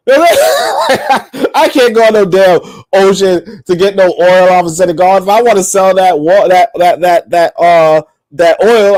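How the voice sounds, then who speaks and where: A man's voice: sits high, darkish tone, no room sound. A man in casual chat on a remote call, rambling and profane, full of restarts.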